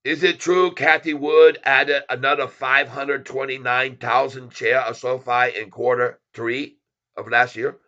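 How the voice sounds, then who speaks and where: A man's voice: mid-range voice, little pitch movement, drawn-out words, long pauses, sharp tone, highs cut off. A man putting on a foreign accent, speaking playful broken English as a stock channel host. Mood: emphatic. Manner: broken English, jokey and teasing.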